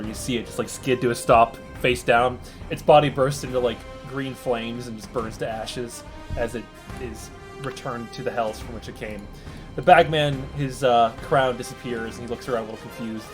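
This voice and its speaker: A man narrating as game master in a relaxed way, with loose fillers and chuckles. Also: mid-range voice, fairly quick, over music.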